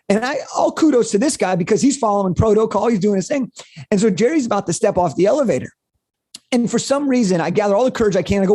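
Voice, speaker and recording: Energetic young man telling a story. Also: sits high, fast talker, dry recording, studio quality. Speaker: guest. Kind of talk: storytelling interview answer.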